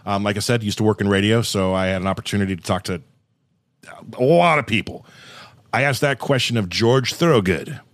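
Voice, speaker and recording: A man hosting a podcast in a casual chat, firing off quick questions in an upbeat way. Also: on the low side, no echo. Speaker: podcast host.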